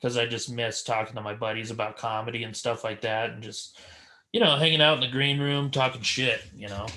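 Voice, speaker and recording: A man hosting a podcast, telling an animated story and acting out the people in it. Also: mid-range voice, a little fast. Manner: animated storyteller, acts out voices, laughs a lot. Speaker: podcast host. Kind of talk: casual chat, storytelling.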